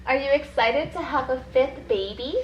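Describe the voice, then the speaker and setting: A woman's voice: sits high, normal speed, slight background noise, poor audio. A pregnant woman in her thirties, a mom vlogger chatting candidly with her viewers in a casual Q&A update.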